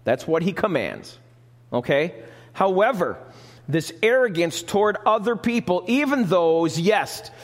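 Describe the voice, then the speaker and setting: A man's voice: high voice, sing-song, a little slow, big-room sound. A man preaching a sermon as pastor, emphatic, reading scripture and asking the congregation questions, recorded live in a church sanctuary.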